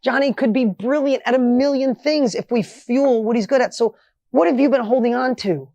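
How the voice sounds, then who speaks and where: A middle-aged man telling a motivational story with energy and emphasis, his voice rising when excited. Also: extremely high pitch, moderate pace, creaky, dry recording, dull audio. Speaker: motivational speaker.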